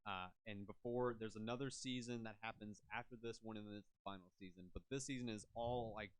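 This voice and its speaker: A man's voice: fairly low pitch, fairly quick. Hyped-up swearing podcast guy. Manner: excited, swears a lot, speeds up when hyped. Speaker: podcast co-host. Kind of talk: casual chat.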